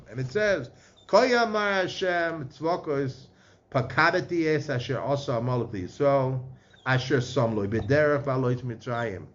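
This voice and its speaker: Man, Torah lecture, chants verses, dull lo-fi sound. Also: medium pitch. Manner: mixes Hebrew and Yiddish-inflected terms into English, chanting verses. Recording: slightly muffled with faint background noise.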